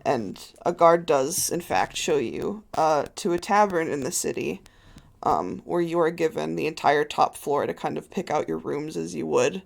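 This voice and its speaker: A game master narrating a tabletop game in a relaxed, filler-heavy way. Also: mid-range voice, moderate pace, creaky.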